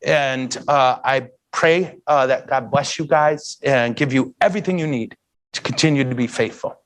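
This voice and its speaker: A priest giving a heartfelt talk to an audience, earnest and emotional, with self-mocking humor. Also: male voice, mid-range voice, normal speed, a bit bright. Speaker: priest and guest speaker. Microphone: handheld mic.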